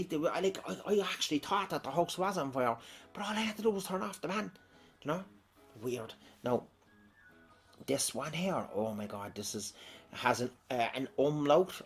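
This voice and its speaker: A man's voice: fairly high pitch, husky. An Irish man reading out viewer comments in a chatty, rambling way, often breaking into laughter. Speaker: comedic vlogger.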